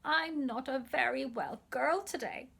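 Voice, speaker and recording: Storybook: woman reader as a shy little sick girl, cross and growly, drawn-out words. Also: sits high, creaky, fairly bright tone, breathy edge, voice pushed up, heavily acted. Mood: sulky. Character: small sulky shy girl, unwell.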